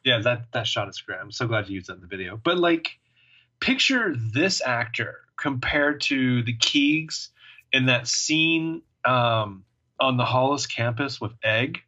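Bright-voiced, joking male podcast co-host. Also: medium pitch, expressive, a little slow, dull audio. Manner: joking, rambling, lots of fillers. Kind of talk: casual chat.

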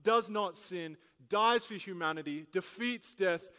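Bright-voiced young pastor in a big hall. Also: male voice, high voice, unhurried. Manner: animated storytelling with jokes and asides. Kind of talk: sermon. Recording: long reverb of a large hall.

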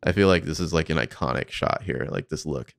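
Gravelly, deep-voiced man chatting casually. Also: a little fast, dry recording. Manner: casual, swears freely, thinks aloud. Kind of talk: casual commentary on behind-the-scenes footage.

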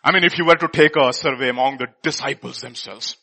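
Guy preaching a sermon, kinda high husky voice, gets loud then drops to almost a whisper. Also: quick pace, hardly any pauses. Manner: animated, swings from loud exclamations to near-whispers.

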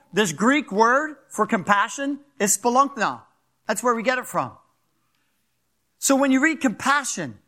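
An older male pastor with a Philadelphia accent preaches in a fast, animated way and keeps checking in with his listeners. His voice sits high for a man and has a bright, forceful edge. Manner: animated, fast-talking, asks the crowd "right?". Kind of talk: sermon.

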